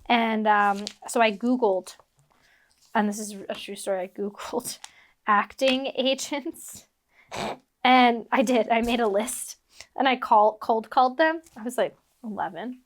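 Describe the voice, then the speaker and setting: A guest actress from Philadelphia, United States, chats casually while building bricks, rambling with plenty of fillers and laughing at herself whenever she gets distracted. Her voice is a little high and a little slow.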